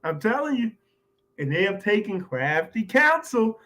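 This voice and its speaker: A man's voice: high voice, sing-song, unhurried, bright, forceful tone, low-quality recording. A man hosting his own show, talking in a loose, chatty commentary monologue with laughs and filler phrases. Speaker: host.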